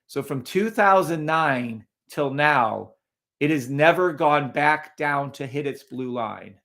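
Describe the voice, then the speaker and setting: A man's voice: on the high side, expressive, takes it slowly, a bit bright. A man hosting a live trading stream, talking casually over charts and greeting viewers in the chat, often sounding incredulous.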